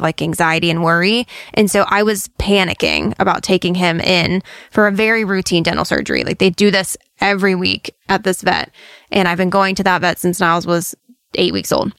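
Woman, podcast host, chatty and animated, dry close recording. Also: lowish voice, a little fast, gravelly, no room sound. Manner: chatty and expressive, acts out quotes. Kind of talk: casual chat.

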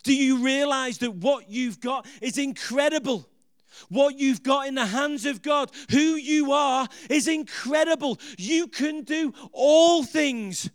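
A man's voice: very high-pitched, takes it slowly, dry recording, clean studio sound. A man preaching a sermon to a congregation, emphatic, repeating phrases and putting questions to the audience.

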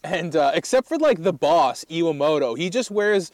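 A man with a slightly high voice co-hosts a comedy podcast, recorded close and dry with no room sound. He rambles through his points with hesitant fillers and laughs easily. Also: very animated, moderate pace, darkish tone, dry recording. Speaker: podcast co-host. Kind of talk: casual comedic chat.

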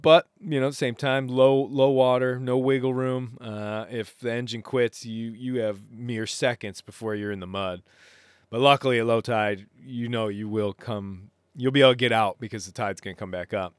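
Man, podcast host, rambling animated storytelling, middle pitch, crisp voice. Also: no echo, studio quality. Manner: rambling, animated retelling with laughs and acted quotes. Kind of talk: casual storytelling monologue.

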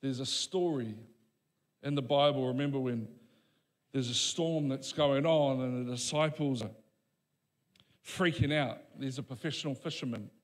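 A man preaching a sermon as pastor, emphatic, with dramatic pauses and voiced quotes. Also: mid-range voice, long reverb tail.

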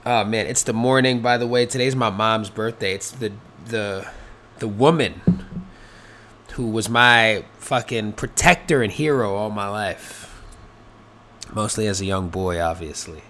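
A man's voice: on the low side, measured pace, fairly bright tone, a little hiss or hum. A man hosting a casual solo podcast, rambling and swearing freely, with many fillers and restarts. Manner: rambling, profane, lots of fillers. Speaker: podcast host.

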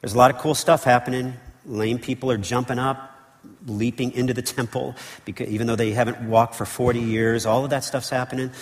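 Man pastor, animated casual sermon voice, long church reverb, mid pitch. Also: brisk. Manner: animated, conversational preaching with frequent "okay" and "right". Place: church sanctuary.

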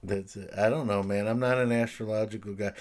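A man's voice: on the low side, steady tone, brisk, darkish tone. A middle-aged man in a casual chat, a guest who makes dry, wry remarks.

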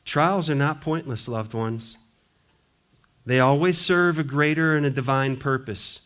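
A male pastor preaching an earnest sermon, swinging between emphatic lines and quiet ones. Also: medium pitch, a little slow, smooth.

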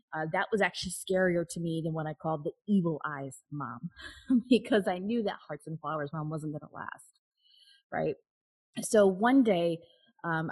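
A woman's voice: on the low side, breathy edge, poor audio. A woman guest telling a personal story in an interview, candid and open, laughing now and then. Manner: candid, with frequent restarts and nervous laughs.

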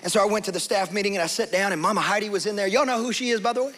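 A young man preaches a sermon, telling a personal story with animation. His voice sits high for a man. He acts out the people in his story as he goes. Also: fairly even intonation, very fast, sharp tone. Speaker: pastor.

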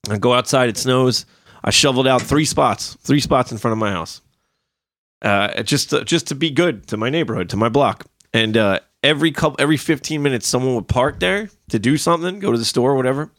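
A man's voice: mid-range voice, a little fast, no echo, studio quality. A man in his thirties telling rambling, profane driving stories in a casual podcast chat, ranting as he goes. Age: 30s. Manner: profane, animated storytelling, rants. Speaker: podcast guest.

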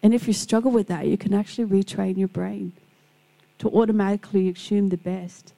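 A woman's voice: mid-range voice, fairly even intonation, brisk, creaky, rough recording. A middle-aged woman giving a Christian devotional talk, telling personal stories and acting out the people in them. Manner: warm storytelling, acts out quoted people. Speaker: Christian speaker.

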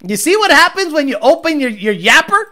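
Profane, mocking male streamer, lively pitch. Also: brisk. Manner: profane, mocking, rambling storyteller. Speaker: livestream host reading chat. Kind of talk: casual profane livestream rant.

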